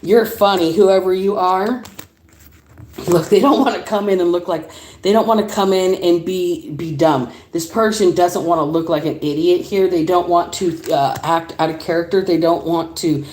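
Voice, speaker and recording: A woman giving a casual livestream tarot reading, chatty and animated, laughing often and swearing casually. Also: fairly low pitch, moderate pace. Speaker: tarot reader. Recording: roomy echo.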